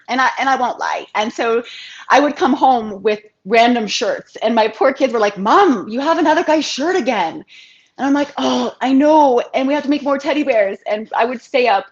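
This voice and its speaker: A woman in her thirties, an interview guest telling a personal story in a heartfelt, chatty way. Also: fairly high pitch. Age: 30s. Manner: heartfelt, chatty, quotes others in lively voices. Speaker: interview guest, financial advisor. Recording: dull lo-fi sound.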